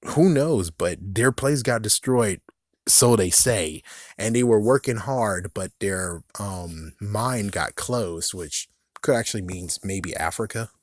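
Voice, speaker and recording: A man's voice: lowish voice, slow pace, no room sound, clean studio sound. A young man casually rambling through a review, cursing often and laughing at his own jokes. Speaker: YouTube reviewer.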